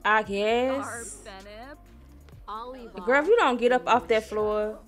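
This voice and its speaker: A young woman from Missouri, chatting casually to viewers while she plays a life-sim game, squealing when something excites her. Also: a little high, slow, long pauses. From Missouri, USA. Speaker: gaming streamer. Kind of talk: casual gameplay commentary. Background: soft R&B background music.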